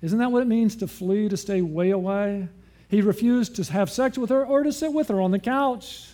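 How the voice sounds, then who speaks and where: A man preaching with a high, mellow voice. He keeps asking his listeners questions and then answers them himself, in a sermon style. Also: normal speed.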